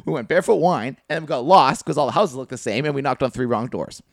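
A man's voice: medium pitch, animated, quick pace, vocal fry, dry recording. Profane rambling guy with a dry close mic. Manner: rambling, profane, laughs at own jokes. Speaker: podcast co-host. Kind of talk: casual chat, storytelling.

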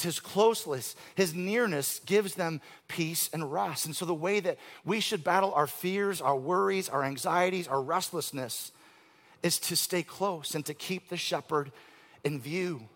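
A man in his forties preaching a sermon from the pulpit. His voice sits high for a man and has a gravelly edge. He swings from forceful declarations to near-hushed moments, then drops into casual, dry-humored asides. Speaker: pastor.

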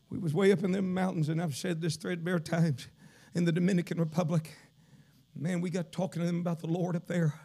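A Southern-accented man from Kentucky preaches a revival sermon, swinging between shouted, sing-song preaching and low storytelling.

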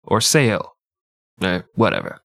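A man's voice: deep voice, huge pitch swings, slow, gravelly, a bit bright, no echo. A man with a nasal voice co-hosting a podcast, telling history as crude, irreverent comedy. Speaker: podcast co-host. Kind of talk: comic history storytelling.

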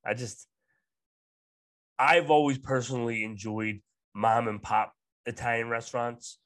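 A man's voice: mid-range voice, steady tone, unhurried, a bit bright, dry recording. A man co-hosting a casual podcast, talking bluntly and rambling with lots of fillers. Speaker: podcast co-host. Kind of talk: casual chat.

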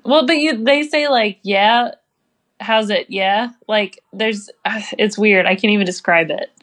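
A woman's voice: mid-range voice, expressive, normal speed, fairly bright tone. An American woman co-hosting a casual podcast. She talks loosely and chattily, filling her sentences with "like" and laughing often. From United States. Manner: chatty, lots of "like" fillers, laughs easily. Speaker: podcast co-host. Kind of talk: casual chat.

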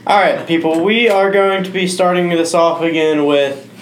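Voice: mid-range voice, normal speed. A podcast co-host introducing a news segment in an upbeat, teasing way. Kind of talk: casual chat. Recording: echoey room with faint hum.

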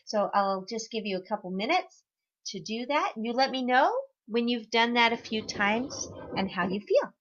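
A woman hosting a podcast, guiding listeners through an affirmation exercise in a gentle, encouraging way with a few fillers. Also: a little high, expressive, normal speed, highs cut off. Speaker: podcast host, wellness guide.

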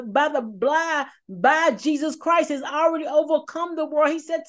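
A woman's voice: high-pitched, normal speed, few pauses. Passionate woman preaching a sermon. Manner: passionate, repetitive, emphatic; shares personal testimony.

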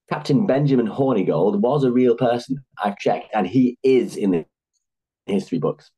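A man's voice: on the low side, expressive, moderate pace, mellow, breathy edge, low-quality recording. A man narrating a comic story with dry, wry asides.

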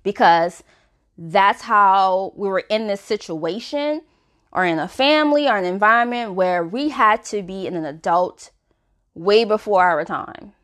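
A woman's voice: medium pitch, a little slow, a bit bright. Female podcast host, candid conversational self-help delivery, loose and chatty. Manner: chatty, frank, many "you know" fillers. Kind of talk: casual self-help talk.

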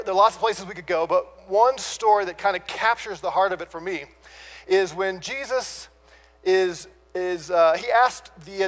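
Preacher, male, high voice; pauses hard on key words, questions the congregation. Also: a bit bright. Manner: asks the listeners rhetorical questions; dramatic pauses on key words, then rushes on. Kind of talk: sermon.

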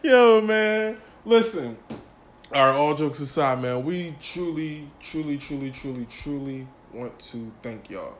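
A man's voice: on the high side, animated, a little slow, roomy sound, a little hiss or hum. A man in his thirties hosting a casual podcast, joking and swearing loosely. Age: 30s. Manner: loose, profane, joking banter. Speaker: podcast host.

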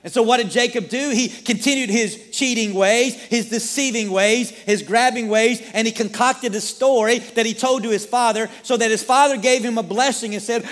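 High-voiced preacher in a reverberant hall. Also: male voice, normal speed, hardly any pauses. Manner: storytelling preacher who asks the listeners rhetorical questions. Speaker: pastor. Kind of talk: sermon. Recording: long reverb of a large hall.

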